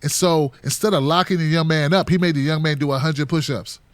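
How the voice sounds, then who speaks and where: A man's voice: a little high, fairly even intonation, a little fast. A middle-aged man hosting a casual solo commentary, joking loosely and acting out other people's voices. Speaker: political commentary host.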